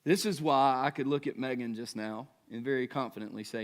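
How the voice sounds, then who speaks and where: A man's voice: mid-range voice, brisk. A man in his thirties, a pastor, preaching in a conversational way, asking the congregation questions and checking in with them. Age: 30s. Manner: conversational preaching with rhetorical questions and frequent "right?". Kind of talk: sermon.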